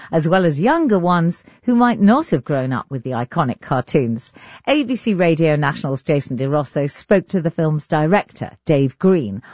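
An English woman hosting a radio arts show, presenting and interviewing in an articulate, lively manner. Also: lowish voice, dry recording, lo-fi sound.

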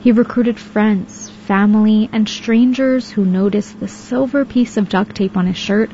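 Woman reporter with a mellow voice. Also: medium pitch, steady tone, unhurried, lo-fi sound, a little hiss or hum. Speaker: radio news reporter. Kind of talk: scripted news narration.

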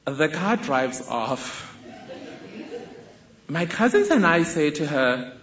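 A woman, telling a personal story in a measured, deliberate way. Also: fairly low pitch, sing-song, roomy sound, muffled recording, slight background noise. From South Africa. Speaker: speaker telling her life story.

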